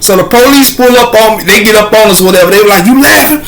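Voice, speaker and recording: A man telling a comedic story, animated and laughing often as he acts out voices. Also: high-pitched, fast, a crowd in the background, rough recording.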